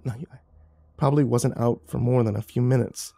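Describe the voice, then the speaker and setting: A man's voice: mid-range voice, steady tone, moderate pace, creaky, mellow, no room sound. A man reading horror stories aloud, building tension and turning urgent in the action scenes. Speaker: horror story narrator. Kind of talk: dramatic horror story narration.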